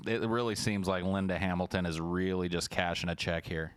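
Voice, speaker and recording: A man with a lowish voice talks loosely and sarcastically on a livestream. He mocks what he is watching, swears freely, and keeps up a running commentary. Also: steady tone, a little fast, clean tone, no room sound, studio quality. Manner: sarcastic, mocking, profane; mimics lines in exaggerated high voices. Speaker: livestream host reacting to a trailer.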